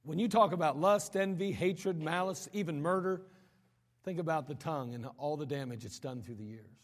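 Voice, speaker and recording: Male preacher, high-pitched, dramatic sermon delivery with repeated words, long reverberant hall. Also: moderate pace. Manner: dramatic preaching, sudden drops to low quiet lines; repeats words when building a point.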